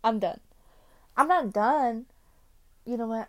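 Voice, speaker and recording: A woman from the United States chatting alone on her podcast, her fairly high voice rambling from one thing to the next. She takes her time and packs her talk with fillers. She swings from loud exclamations to quiet mumbles. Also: a little slow. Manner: rambling and excitable, jumping between topics with many fillers. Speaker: podcast host. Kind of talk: casual solo podcast chat.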